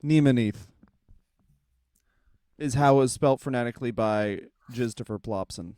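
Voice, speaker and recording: A man in his thirties co-hosting a comedy podcast, firing off quick deadpan riffs and crude jokes. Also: mid-range voice, smooth, no echo, studio quality. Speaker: podcast co-host.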